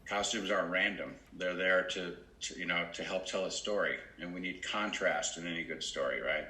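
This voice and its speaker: A man's voice: low voice, moderate pace, bright, forceful tone. A man coaching an actor on a video call, explaining in an easygoing way with lots of fillers. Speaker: acting coach. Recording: roomy video call with faint ambience.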